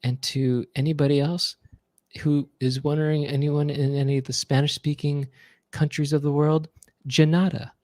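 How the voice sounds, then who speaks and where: A man putting on a soft, breathy male pop star who plays a drill sergeant, talking slowly and gently. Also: on the high side, level tone, no echo, studio quality, lightly acted. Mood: gentle.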